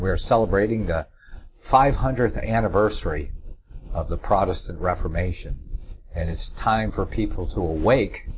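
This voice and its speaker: A man's voice: low voice, slight background noise. A middle-aged man hosting a religious talk radio show, rambling with many filler uhs and leaning hard on key words as he reads scripture aloud.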